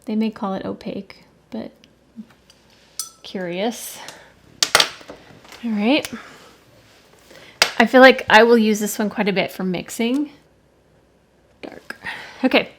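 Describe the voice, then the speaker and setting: Swatching watercolors at her desk, an art-channel host talks in a casual, musing way, rambling a little and correcting herself. She speaks slowly with long pauses, in a medium-pitched, fairly bright voice. Faint background noise and clicks can be heard.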